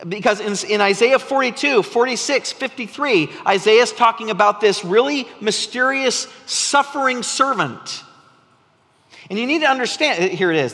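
A man preaching a sermon as a pastor, an animated storyteller whose voice rises when he gets excited. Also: high-pitched, moderate pace. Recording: long reverb from a large hall.

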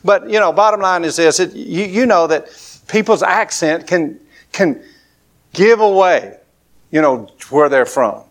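A man's voice: high-pitched, expressive, a little slow. A man from southern Alabama with a Southern accent, preaching a conversational sermon with folksy asides. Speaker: pastor.

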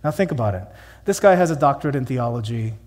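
A man's voice: mid-range voice, lively intonation, fast talker, a little mellow, big-room sound. A man preaching a sermon in a church, emphatic and conversational, with many rhetorical questions. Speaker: pastor.

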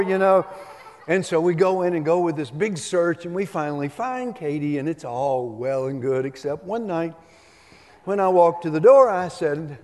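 A middle-aged male pastor preaches in a folksy, storytelling way, slipping in humor as he goes. His voice sits a touch high for a man. Long reverb trails each phrase, as in a big church hall. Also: a little slow, a little mellow. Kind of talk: sermon. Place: church sanctuary.

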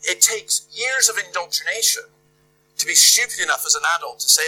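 A man's voice: high voice, expressive, fairly quick, bright, forceful tone, low-quality recording. A man preaching a sermon in a conversational, emphatic way, firing off rhetorical questions. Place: church.

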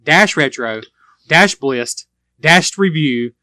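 A man's voice: a little high, expressive, slow pace, bright, forceful tone, dry recording, clean studio sound. A man co-hosting a podcast, chatting casually and rambling with self-deprecating humor. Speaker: podcast co-host. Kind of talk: casual chat.

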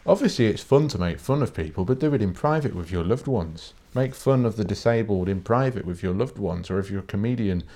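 A man's voice: on the low side, expressive, fairly quick, hardly any pauses, warm tone. A British man hosting a solo podcast, ranting in a blunt, sweary, rambling way with frequent restarts. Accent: British English. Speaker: podcast host. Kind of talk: casual solo podcast rant.

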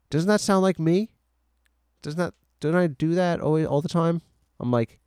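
A man's voice: fairly high pitch, expressive, unhurried, pauses often, smooth, no room sound, studio quality. A man hosting a podcast alone in a room, talking in a rambling, self-mocking way with lots of filler words. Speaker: solo podcast host. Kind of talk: rambling casual monologue.

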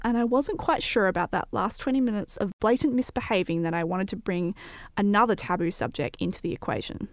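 A woman narrating a personal story in a lively, vivid way. Her voice sits in a middle pitch, and the recording is dry and close with little room sound. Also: normal speed, no room sound. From Australia.

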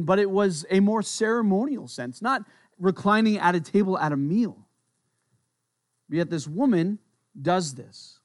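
A man's voice: sits high, no room sound, studio quality. A man preaching a sermon as a pastor, conversational, with playful asides and repeated words as he thinks aloud.

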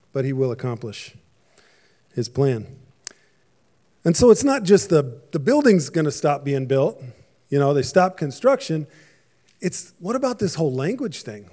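A man's voice: a little high, warm tone. A man preaching a sermon in a conversational, joking way, with frequent asides to the congregation. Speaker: pastor.

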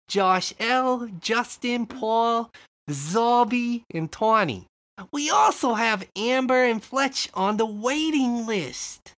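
A woman putting on a squeaky, fussy game shop owner. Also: fairly bright tone, exaggerated voice. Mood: welcoming, doubtful. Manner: high, emphatic, hesitant gatekeeping. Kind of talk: improvised comedy skit.

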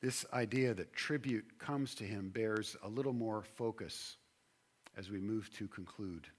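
A man's voice: on the low side, husky. Man preaching with rising fervor. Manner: preaching with swelling emphasis and drawn-out key words. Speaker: pastor. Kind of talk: sermon.

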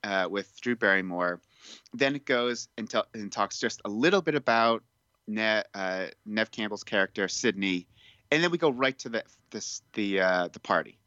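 Man, podcast co-host, bright tense voice, chatty fillers, dry, lo-fi mic. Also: on the low side, lively intonation, normal speed, no echo. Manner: chatty, filler-heavy, reading from notes. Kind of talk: casual film review chat.

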